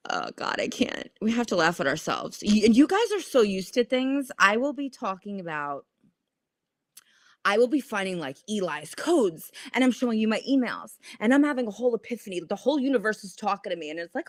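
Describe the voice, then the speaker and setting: A woman's voice: medium pitch, fairly quick, no echo, studio quality. A woman hosting a casual stock trading livestream, profane and laughing at herself as she chats with viewers. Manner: profane, laughing, animated and self-mocking. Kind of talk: casual livestream chat reading viewer comments.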